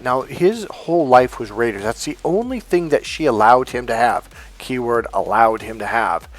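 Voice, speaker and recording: Blunt, animated male dating coach. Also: medium pitch, moderate pace, few pauses. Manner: blunt, profane, emphatic. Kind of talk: casual lecture with anecdotes.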